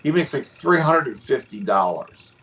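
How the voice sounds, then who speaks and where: A man and former pro wrestler, co-hosting a show and telling stories in a casual, animated way, acting out other people's voices. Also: mid-range voice, normal speed, recorded from a distance, lo-fi sound, slight background noise. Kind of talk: casual storytelling.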